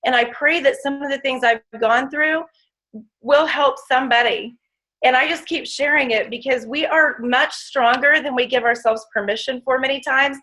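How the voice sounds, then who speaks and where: A woman's voice: high voice, normal speed, bright, forceful tone, rough recording. A woman giving an emotional, emphatic inspirational testimony, speaking straight to her audience. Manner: emotional, emphatic, addresses audience as "you guys". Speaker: motivational speaker.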